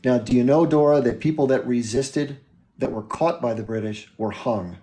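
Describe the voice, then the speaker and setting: An American man hosting a livestream debate, calm and lecturing, often addressing the caller by name. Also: mid-range voice, normal speed. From United States. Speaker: livestream host.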